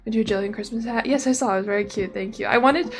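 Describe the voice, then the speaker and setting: A woman's voice: a little high, quick pace. Chatty young woman streamer, rambling. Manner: rambling, chatty, self-interrupting. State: slightly out of breath. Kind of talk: casual livestream chat. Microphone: desk microphone, no camera. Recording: faint music behind voice.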